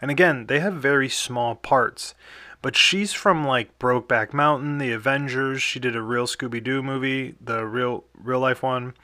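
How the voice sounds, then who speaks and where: A man's voice: mid-range voice, moderate pace, bright, forceful tone, dry recording, clean studio sound. A young man hosting a casual podcast, rambling through a movie review with lots of fillers and small chuckles.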